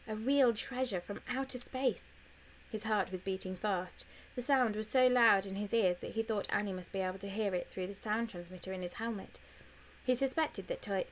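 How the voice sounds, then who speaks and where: A woman narrating a children's audiobook, reading in a clear, expressive storytelling voice. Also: mid-range voice, slight background noise, poor audio. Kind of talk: scripted narration.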